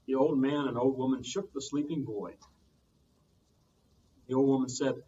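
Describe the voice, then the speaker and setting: A male children's librarian performs a storytime story with animated sound effects, captured faintly and muffled from afar. He speaks briskly at a medium pitch, and there's slight background noise.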